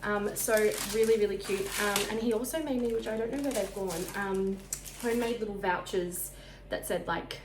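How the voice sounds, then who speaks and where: A woman in her thirties with an Australian accent, chatting casually to camera about her week, talking fast enough to sound out of breath. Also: mid-range voice, steady tone, roomy sound, noisy background. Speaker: vlogger. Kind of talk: casual chat.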